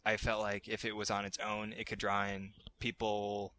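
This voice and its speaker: Bright-voiced man hosting a casual podcast. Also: fairly low pitch, monotone, normal speed, slight background noise. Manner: rambling, restarts sentences often. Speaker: podcast host.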